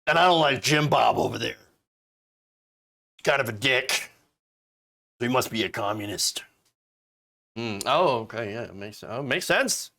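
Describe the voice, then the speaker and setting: A man hosts casual political commentary. His delivery is sarcastic and full of mockery. His pitch swings widely as he talks. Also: expressive, a little slow, vocal fry, long pauses, bright, forceful tone. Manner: sarcastic, mocking voices of opponents.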